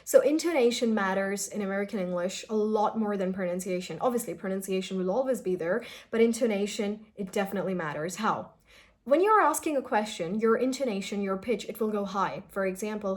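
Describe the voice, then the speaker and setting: A young adult woman teaching English pronunciation in a lively, explanatory way, speaking straight to her viewers. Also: mid-range voice, brisk. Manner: lively, explanatory, addresses viewers as "you guys". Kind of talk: direct-to-camera video lesson.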